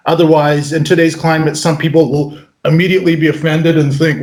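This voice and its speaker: A man being interviewed as a magician, telling stories in a lively way with frequent stammered restarts. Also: on the high side, brisk, hardly any pauses. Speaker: magician guest. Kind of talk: interview conversation.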